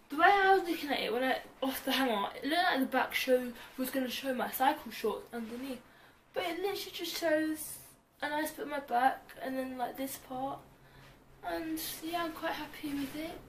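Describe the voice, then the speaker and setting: A woman's voice: sits high, normal speed, a little hiss or hum. A woman chatting through a clothing try-on haul at home, rambling and joking at herself, full of "like". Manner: bubbly, rambling, self-mocking, heavy use of "like". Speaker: fashion vlogger.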